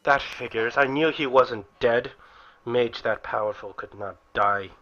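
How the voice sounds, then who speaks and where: A man's voice: medium pitch, a little slow, fairly bright tone, highs cut off. A man narrating as game master of a tabletop game, hesitant, with frequent restarts.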